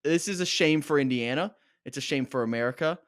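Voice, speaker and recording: A young man co-hosting a casual reaction podcast, talking in an animated, fired-up rant. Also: a little high, fairly quick, dry recording, studio quality. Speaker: podcast co-host.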